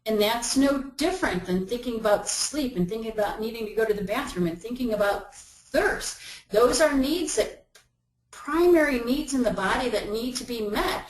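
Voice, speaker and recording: A woman's voice: fairly high pitch, expressive, moderate pace. A woman giving a webinar talk in a conversational way, acting out everyday inner voices as she explains. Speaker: webinar presenter. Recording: roomy echo.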